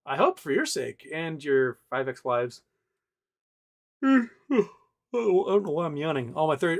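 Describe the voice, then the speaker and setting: A man's voice: fairly high pitch, lively intonation, normal speed, vocal fry. A man hosting a casual livestream, rambling with lots of fillers and restarts as he reads out viewer chat. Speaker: livestream host.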